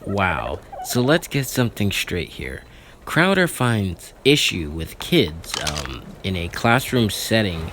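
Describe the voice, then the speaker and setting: A man's voice: low-pitched, very animated, slow, background noise. A young man giving sarcastic commentary, mocking what he reads with frequent asides. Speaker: commentary YouTuber. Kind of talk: sarcastic commentary reading articles aloud.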